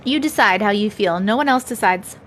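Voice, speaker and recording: Live-stream host, woman in her 30s: animated, high voice, giggly, faint background noise. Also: brisk. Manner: laughs often, chatty and upbeat. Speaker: livestream host. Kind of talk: casual live-stream chat.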